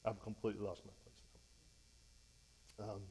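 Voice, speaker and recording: A man's voice: on the low side, monotone, moderate pace, gravelly, warm tone, a little hiss or hum, poor audio. A man preaching a verse-by-verse sermon as a pastor, fervent and exhorting, conversational with frequent restarts. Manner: fervent, exhorting, voice rises when fired up.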